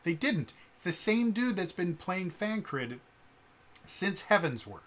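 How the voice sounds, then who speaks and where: A man's voice: high-pitched, big pitch swings, slow. A man giving blunt, rambling spoken commentary for his gaming vlog, full of um and uh fillers. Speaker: gaming vlogger.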